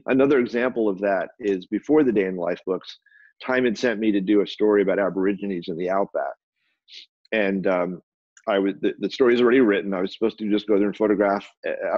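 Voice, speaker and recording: An older man with a low, husky voice tells stories at a fast clip, restarting his sentences as he goes. The recording is dry and a little muffled. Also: dry recording. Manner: brisk, animated anecdote telling with quick restarts. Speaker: guest, photographer and publisher. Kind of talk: storytelling in a conversation.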